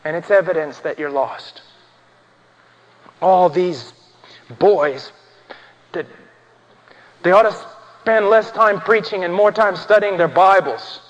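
A man preaching an impassioned sermon, swinging from hushed, solemn passages to ringing, shouted emphasis. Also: high voice, takes it slowly, long pauses. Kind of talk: fiery sermon. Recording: dull sound in a reverberant church hall.

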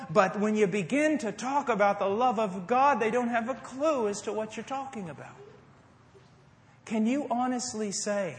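A middle-aged man from the United States preaching a sermon to a congregation, moving between loud emphasis and hushed, tender passages. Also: sits high. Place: church service before a congregation. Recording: echoey hall.

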